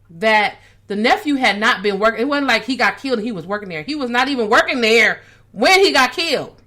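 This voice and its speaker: A woman co-hosting a podcast, telling stories in a chatty, animated way. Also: medium pitch. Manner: chatty storytelling, animated retelling. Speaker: podcast co-host. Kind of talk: casual chat.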